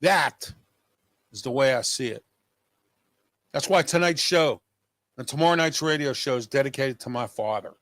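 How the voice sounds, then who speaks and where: In a personal monologue to his viewers, a man hosting his own show speaks agitatedly and emphatically, repeating his points. His voice is mid-range and fairly bright, at a moderate pace with long pauses, in clean studio sound with no room sound.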